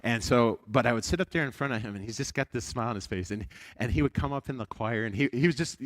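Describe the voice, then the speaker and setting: A male evangelist preacher telling a story in a Sunday school sermon, chatty and animated, often restarting his sentences. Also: mid-range voice, no room sound.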